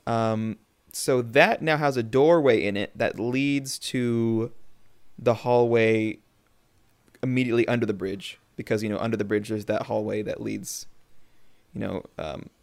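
A man with a gravelly, mid-pitched voice co-hosts a casual gaming podcast. He talks in a chatty, upbeat way, walking through game changes. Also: steady tone, unhurried. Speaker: podcast co-host.

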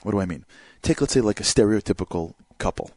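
A man with a fairly low voice gives a motivational talk, his pitch rising and falling in lively swings. He leans on casual fillers and keeps checking in with the audience through rhetorical questions. The sound is dry and close, with almost no room echo. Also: fast talker, husky. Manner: animated, asks rhetorical questions and acts out examples; many fillers such as "like" and "you know". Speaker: speaker giving a motivational talk.

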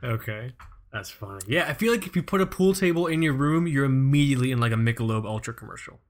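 A young man from the United States hosting a podcast, telling stories in a loose, profane, animated way with frequent laughs. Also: medium pitch, fast. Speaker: podcast host. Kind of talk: casual chat.

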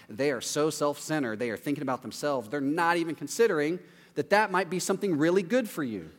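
A male preacher gives a relaxed, talky sermon, his voice sitting a little high for a man. He keeps it animated and casual. A long hall reverb trails each phrase, as if heard in a big sanctuary. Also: brisk. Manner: chatty, animated, tags lines with "right?".

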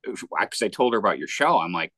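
A man hosting a podcast, chatting casually with quick asides. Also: low-pitched, big pitch swings, a bit bright, no room sound. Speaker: podcast host. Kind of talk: casual chat.

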